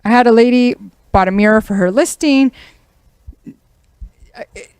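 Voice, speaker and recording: A woman's voice: fairly high pitch, moderate pace, darkish tone, clear, resonant tone. A woman realtor hosting a casual talk show, speaking frankly and venting her frustration. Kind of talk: casual chat.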